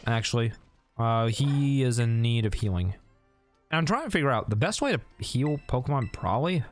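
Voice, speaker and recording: Man, streamer, casual gameplay chatter, thinks out loud, laughs easily, mid pitch, faint background music.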